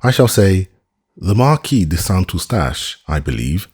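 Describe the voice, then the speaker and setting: A man voicing a giddy, theatrical young man who talks in a rapid, high-spirited, declamatory way. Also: big pitch swings, a little mellow, slightly rough, full character voice.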